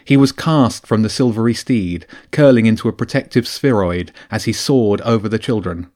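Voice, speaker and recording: A man narrating a children's adventure audiobook with a lively, expressive reading. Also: lowish voice, normal speed. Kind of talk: storybook narration.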